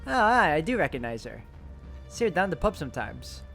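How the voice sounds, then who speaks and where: A man's voice: a little high, very animated, brisk, gravelly, fairly bright tone, soft background music, voice pushed up, heavily acted. A man voicing a breezy, cunning man who talks his way out of trouble. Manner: breezy, cunning, covering for a friend. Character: Jim, sly British man, smooth talker.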